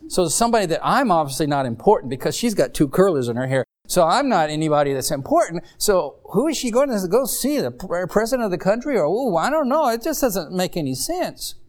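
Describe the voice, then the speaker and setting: A man preaching a sermon, telling stories in a rambling, animated way with many restarts. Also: high voice, brisk, hardly any pauses. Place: congregation in Mexico.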